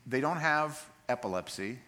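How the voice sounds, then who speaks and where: A man's voice: medium pitch, expressive, moderate pace, bright, forceful tone. A male pastor giving a sermon, reading scripture and explaining it in a conversational, plain-spoken way.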